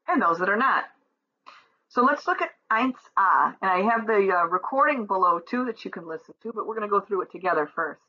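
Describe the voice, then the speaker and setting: A woman's voice: mid-range voice, bright, forceful tone, husky, lo-fi sound. A woman teaching German from a textbook, patiently explaining each exercise step by step. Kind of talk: textbook lesson walkthrough.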